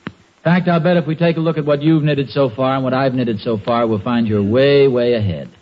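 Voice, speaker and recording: A man's voice: mid-range voice, brisk, slight background noise, lightly acted. A man acting a sheepish, stammering husband in a 1940s radio sitcom, muffled old recording.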